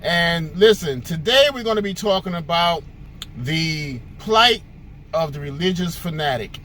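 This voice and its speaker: Lively high-voiced male host. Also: a little slow, slight background noise. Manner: conversational, storytelling, with fillers. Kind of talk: casual monologue commentary.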